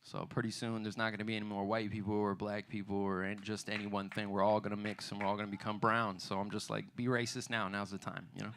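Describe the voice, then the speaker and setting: Gravelly-voiced man doing stand-up. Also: fairly low pitch, monotone, fast talker, hardly any pauses, a bit bright, a little hiss or hum. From United States. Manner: loose, conversational, frequent "you know what I mean". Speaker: stand-up comedian. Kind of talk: stand-up comedy set. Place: theater bar stage.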